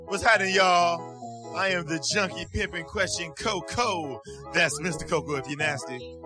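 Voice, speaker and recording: An actor playing a brash, boastful junkie pimp puppet clown in a short animated film, over music. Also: male voice, fairly high pitch, moderate pace, close to an everyday voice. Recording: film soundtrack with music behind.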